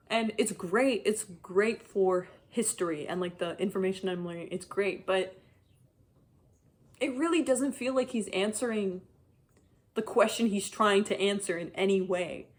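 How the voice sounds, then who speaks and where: A young adult woman giving a casual chapter-by-chapter book review, talking in an animated, frustrated rant full of "like". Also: medium pitch, a little slow. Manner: animated, frustrated ranting, heavy use of "like". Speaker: book vlogger.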